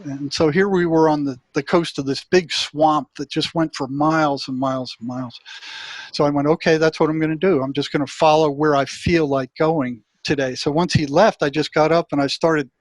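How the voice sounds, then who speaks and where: An older man, a retired psychotherapist appearing as an interview guest, speaks with a somewhat high voice, fairly even intonation, and moderate pace, with no echo. He rambles through a long personal story, acting out the voices in his head.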